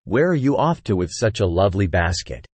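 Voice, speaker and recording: A man's voice: low voice, sing-song, brisk, darkish tone, husky, no echo, heavily acted. A man voicing a cunning wolf who fakes friendliness in a storybook reading. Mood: sly. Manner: feigned friendliness. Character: cunning sly male wolf.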